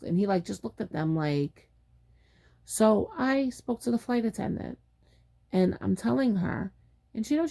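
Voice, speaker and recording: A woman's voice: fairly low pitch, gravelly, mellow. A woman casually telling a personal story in a chatty, exasperated way, acting out what people said. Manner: chatty, exasperated retelling with acted-out quotes.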